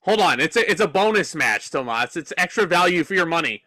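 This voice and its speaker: A man co-hosting a wrestling review show with playful, swearing banter. His voice is high and swings widely. It is recorded dry and close. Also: lively intonation, fairly quick, pushed and bright, no room sound. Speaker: podcast co-host. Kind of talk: casual wrestling review chat.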